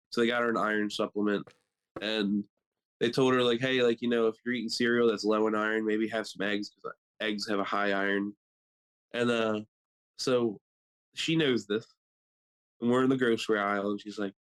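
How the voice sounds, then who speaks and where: A man, co-hosting a podcast and telling funny stories in a casual, animated way, often laughing. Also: normal speed, long pauses, low-quality recording. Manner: animated, acts out quotes in high squeaky voices; laughs often mid-story. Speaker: podcast co-host. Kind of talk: casual comedic storytelling.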